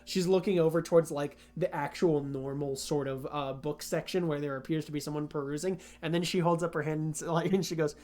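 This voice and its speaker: A game master narrates a tabletop scene in a loose, rambling way, full of fillers and restarts. The voice sits at a middle pitch. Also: steady tone, a little fast, hardly any pauses, warm tone. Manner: rambling, many fillers and restarts, laughs often.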